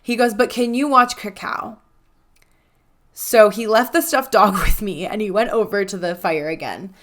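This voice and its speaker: A woman's voice: mid-range voice, normal speed. A young adult woman tells a personal story on her podcast. She talks casually and with animation, slipping into the voices of the people in her story and filling her speech with "like.". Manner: animated, acts out quoted dialogue, frequent "like". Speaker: podcast host.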